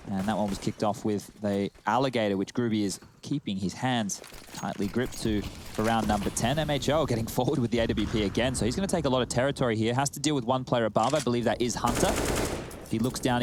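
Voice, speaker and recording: A man with an Australian accent calling a competitive shooter match, mixing fast play-by-play with joking banter. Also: mid-range voice, background noise. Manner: joking banter between calls. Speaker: esports caster. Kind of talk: play-by-play commentary.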